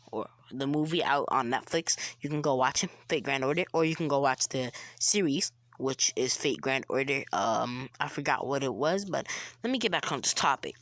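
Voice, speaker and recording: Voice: mid-range voice, fairly bright tone, no room sound. A young fan storyteller narrating a made-up crossover tale in a rambling, casual way with many fillers and brief whispered asides. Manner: rambling, filler-heavy, restarts, drops into whispers.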